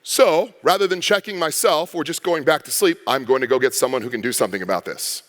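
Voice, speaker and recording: A man, a pastor, preaching a sermon with lively storytelling and acted-out quotes. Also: fairly high pitch, fast talker, long reverb tail. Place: church sanctuary.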